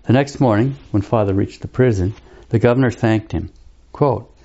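A man narrating a story in a measured, solemn reading manner. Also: fairly low pitch, warm tone, lo-fi sound.

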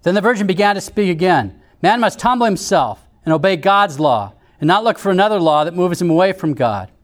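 Male narrator, high pitch, measured solemn read. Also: expressive. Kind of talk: scripted narration reading visions.

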